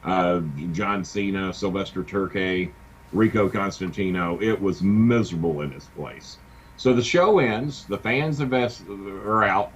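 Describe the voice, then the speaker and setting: A middle-aged man, a wrestling manager telling an animated story in a casual interview. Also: lowish voice. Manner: animated anecdote-telling with acted quotes. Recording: dull lo-fi sound with faint hiss.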